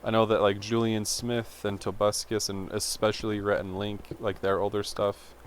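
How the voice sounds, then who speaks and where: A man's voice: on the low side, monotone, normal speed, a little hiss or hum. Chatty young man rambling through a story. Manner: chatty, self-interrupting, full of "like". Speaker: vlogger.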